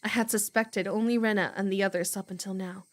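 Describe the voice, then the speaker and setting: A woman's voice: medium pitch, fairly even intonation, a little fast, voice pushed down, lightly acted. A woman reading the first-person narration of a wary, paranoid teenage boy in a readalong, in a tense, self-warning inner monologue.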